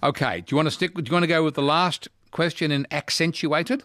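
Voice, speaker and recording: A man's voice: a little high, brisk, fairly bright tone, no room sound, studio quality. A man hosting a casual talkback radio quiz, chatty and teasing with his callers.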